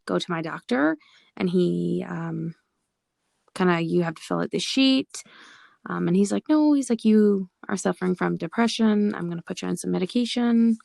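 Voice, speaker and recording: A woman's voice: on the low side, vocal fry, a little mellow, no room sound, studio quality. A young adult woman guest on a podcast, speaking earnestly and openly. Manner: earnest, open and reflective. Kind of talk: casual podcast interview.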